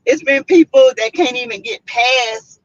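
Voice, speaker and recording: A woman's voice: sits high, a little slow, no echo. A woman with a Southern US accent hosting a casual live stream, chatty and full of "mm-mm" and "y'all" asides to her viewers. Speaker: livestream host. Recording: slightly muffled lo-fi stream audio.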